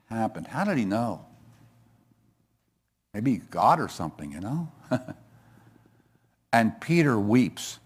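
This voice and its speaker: A male pastor telling a scripture story in a chatty, joking sermon style. His voice sits mid-range but swings widely in pitch as he builds each scene. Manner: conversational storytelling with asides and humor.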